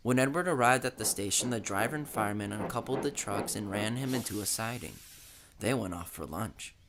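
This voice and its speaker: A man narrating a children's train story in an expressive, dramatic storytelling way. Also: lowish voice, brisk, noisy background.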